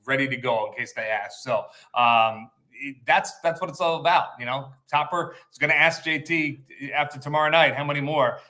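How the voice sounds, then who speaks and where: A man co-hosting a sports radio show, confident and steady with frequent "um" and "you know" fillers. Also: medium pitch. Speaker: radio co-host.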